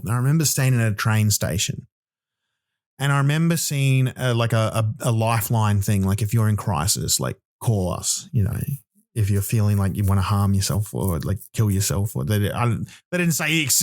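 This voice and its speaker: A man's voice: mid-range voice, darkish tone. A young Australian man hosting a podcast, ranting in a loose comic monologue, swearing and acting out little voices as he goes. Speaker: podcast host.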